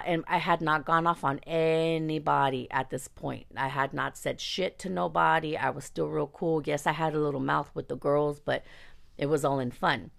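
A woman casually telling a personal story, candid and profane, animated and quick to laugh. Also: sits low, gravelly.

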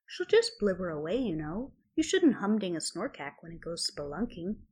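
A woman voicing a dreamy, placid young witch with an airy, higher voice in a storybook reading. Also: big pitch swings, moderate pace, darkish tone, breathy edge.

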